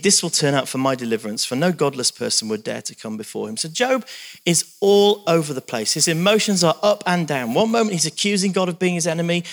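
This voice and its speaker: A man's voice: fairly high pitch, gravelly, a bit bright. A man preaching a sermon, reading scripture aloud with dramatic emphasis and talking to the congregation.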